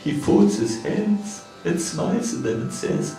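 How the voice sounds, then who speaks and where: A man's voice: sits high, expressive, measured pace, warm tone, echoey room, far from the mic, soft background music. A man with a German accent giving a storytelling sermon as a swami in a temple, acting out the lines of the people in his story. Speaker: swami giving a scripture class. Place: temple hall.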